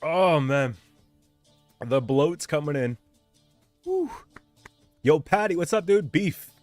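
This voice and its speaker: A man's voice: on the high side, animated, takes it slowly, soft background music. Hyped man streaming and chatting. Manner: hyped, rambling, chatting with viewers while playing. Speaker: game streamer. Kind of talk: casual live-stream chat.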